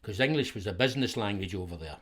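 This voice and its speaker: A man's voice: lowish voice, animated, quick pace, a bit bright. A Scottish man in his seventies, a podcast guest rambling through anecdotes with frequent chuckles and restarts. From Scotland. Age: 70s. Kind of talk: casual storytelling conversation.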